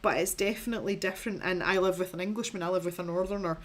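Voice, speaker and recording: A woman's voice: on the low side, steady tone, very fast. A Scottish woman with a mild accent hosting an art livestream, chatting casually and reading out viewer comments, with lots of laughter and rambling restarts. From Scotland.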